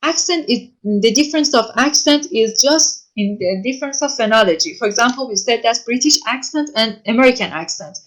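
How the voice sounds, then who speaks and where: A university lecturer teaching online responds to students' written questions, speaking haltingly with many pauses and self-corrections. Her voice is on the high side with lively intonation.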